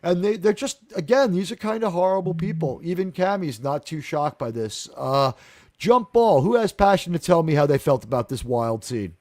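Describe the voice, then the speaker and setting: Animated man hosting a live show chat. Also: fairly high pitch, normal speed, dry recording, clean studio sound. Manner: animated, acts out quotes in funny voices. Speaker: host of a TV review discussion. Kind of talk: casual chat, recapping an episode.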